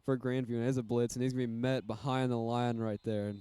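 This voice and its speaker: Even-toned, smooth-voiced male football commentator. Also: mid-range voice, fast, dry recording. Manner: casual, rambling with fillers. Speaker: play-by-play commentator. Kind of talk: high school football commentary.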